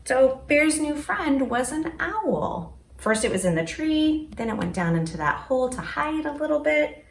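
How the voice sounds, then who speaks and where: Animated kindergarten teacher, woman. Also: high voice, unhurried, gravelly, recorded from a distance. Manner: animated, encouraging, talks to children. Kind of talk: read-aloud reading lesson. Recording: roomy echo with faint hum.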